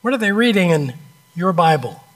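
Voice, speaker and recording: A man preaching a sermon, telling an illustrative story with dramatic pauses and a conversational, direct manner. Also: sits high, sing-song, a bit bright.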